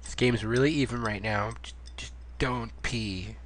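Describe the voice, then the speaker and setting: A man's voice: mid-range voice, a little slow, a crowd in the background. A young man hosting a casual online card game, teasing his friends and laughing as he reads cards aloud. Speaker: channel host. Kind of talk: casual gaming chat.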